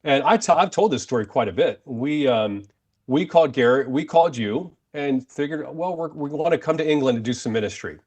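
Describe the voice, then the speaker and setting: Cheerful American co-host, easygoing mid-pitched voice, joking casually. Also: male voice, a little mellow. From United States. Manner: upbeat, jokey, laughs often. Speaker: podcast co-host and radio presenter. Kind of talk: casual chat.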